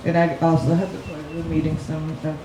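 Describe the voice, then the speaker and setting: A woman sharing a heartfelt personal memory at a memorial, speaking slowly and haltingly with fillers. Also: sits low, monotone. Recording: echoey room with background noise.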